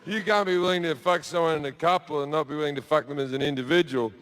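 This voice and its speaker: A man telling a crude story as a stand-up comedian on a theatre stage, with deadpan asides and shouted put-on voices. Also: on the high side, quick pace. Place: theatre stage before a laughing audience.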